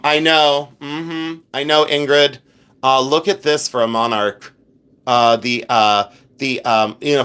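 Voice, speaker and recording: A middle-aged man hosts a live online sale, his voice sitting in an ordinary middle pitch. He talks in an effusive, rambling way and keeps thanking viewers by name as he chats. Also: bright, forceful tone, clean tone. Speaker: livestream host selling vintage jewelry. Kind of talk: live-stream chat with viewers.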